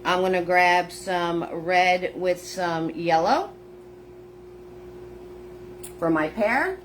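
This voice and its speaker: On a phone mic with a little hiss or hum, a woman teaches a live painting lesson in a lowish voice with lively intonation and drawn-out words. She chats through each step and greets viewers by name.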